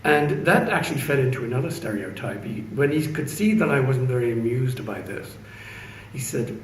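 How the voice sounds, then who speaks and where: A man's voice: mid-range voice, lively intonation. Wry reserved Englishman, echoey and distant. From England. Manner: measured, wry, reserved storytelling. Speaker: speaker. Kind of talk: anecdotal opening speech. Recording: echoey room from a distance, faint hum.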